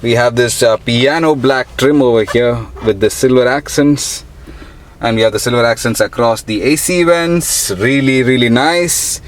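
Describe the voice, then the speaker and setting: A man's voice: medium pitch, unhurried. A young man gives a casual, upbeat car review, talking straight to viewers as he walks around a showroom and a lot outside. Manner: chatty, upbeat, addresses viewers as guys. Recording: noisy street and car ambience.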